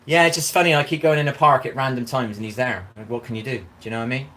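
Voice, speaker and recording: Rambling fast-talking man. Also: medium pitch, fairly even intonation, fairly bright tone, a little hiss or hum. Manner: rambling, repeats "do you know what I mean". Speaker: vlogger. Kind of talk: casual live-stream monologue. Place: outdoors in a park.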